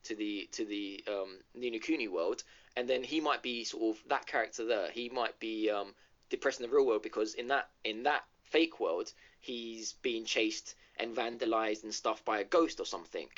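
A man's voice: on the low side, moderate pace, fairly bright tone. A man co-hosting a casual gaming podcast, retelling a game's story with lots of ums and restarts. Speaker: podcast co-host. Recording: dull lo-fi audio.

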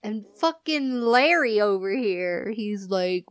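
A woman's voice: fairly high pitch, lively intonation, a little slow, pushed and bright, no echo, clean studio sound. A woman co-hosting a casual podcast chat, reacting bluntly with frequent laughter. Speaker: podcast co-host.

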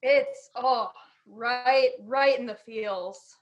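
A woman's voice: fairly high pitch, very slow, highs cut off. A woman co-hosting a casual podcast chat, talking emphatically and swearing freely. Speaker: podcast co-host.

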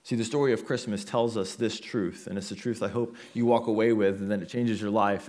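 Low-voiced male pastor preaching. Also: fairly even intonation, brisk, hardly any pauses, a little mellow. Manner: earnest, building in intensity with repeated phrases. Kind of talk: sermon.

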